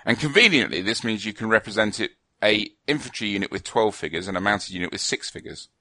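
Male podcast co-host, low, bright, animated delivery, hesitant and rambling. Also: quick pace, no room sound. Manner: rambling, hesitant, with many fillers and restarts. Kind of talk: casual chat about tabletop wargames.

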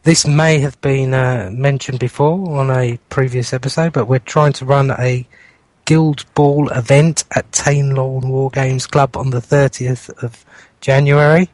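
A man's voice: medium pitch, fairly even intonation, measured pace, darkish tone, no room sound. A man co-hosting a hobby podcast, chatting in a rambling, distracted way while he works on a model. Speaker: podcast co-host. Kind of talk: casual chat.

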